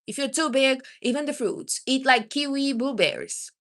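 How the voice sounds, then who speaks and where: Bright-voiced woman giving blunt advice. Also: sits high, normal speed. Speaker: livestream host. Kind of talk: casual livestream chat.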